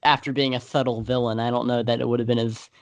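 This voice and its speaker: A young man talks through a horror film on a podcast. He rambles, restarts his sentences and fills gaps with "um" and "you know" at a middle pitch. The sound is dry and close. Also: little pitch movement, fast, dry recording. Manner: rambling, many fillers and restarts. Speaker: podcast co-host. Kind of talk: casual movie discussion.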